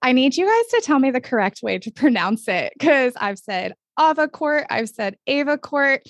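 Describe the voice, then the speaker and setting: A woman hosting a podcast interview, gushing and enthusiastic, talking in quick bursts with frequent laughs. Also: fairly high pitch, very animated, no echo, studio quality. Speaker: podcast host. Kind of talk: upbeat casual interview.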